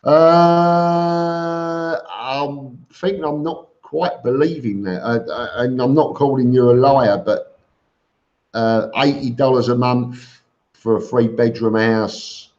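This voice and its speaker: Slow-talking man reading out viewer comments. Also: mid-range voice, darkish tone. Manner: chatty, greets viewers one by one, joking asides. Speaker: vlogger hosting a live stream. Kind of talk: casual live-stream chat reading viewer comments. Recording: dull lo-fi stream audio.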